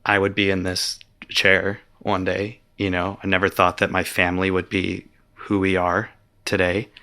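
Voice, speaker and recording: Low-voiced man, bright and reflective. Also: completely flat delivery, moderate pace. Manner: reflective, earnest, with fillers. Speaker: author and interview guest. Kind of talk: conversational interview.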